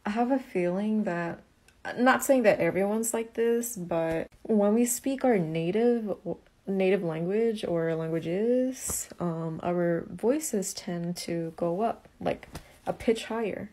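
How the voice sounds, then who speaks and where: A woman's voice: mid-range voice, slow, a little mellow. Chatty young woman with a mid voice. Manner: chatty, laughing, trailing off into fillers. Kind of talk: casual selfie-video chat.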